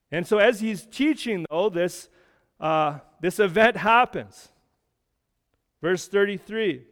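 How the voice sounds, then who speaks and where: A man's voice: sits high, clean tone, big-room sound. A man preaching a sermon as a pastor, explaining scripture in a conversational way with frequent restarts.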